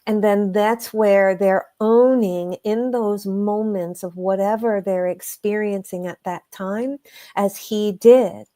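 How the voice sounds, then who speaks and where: A woman guest, an energy healer, telling stories in a conversational way, earnest and emphatic, slowing down to stress her points. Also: mid-range voice, steady tone, mellow. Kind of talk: conversational storytelling.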